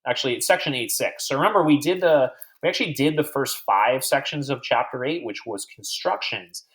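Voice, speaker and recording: A man's voice: mid-range voice, expressive, brisk, a bit bright. A man teaching a recorded math lecture over slides, chatty and digressive, quizzing imaginary students as if they were in class.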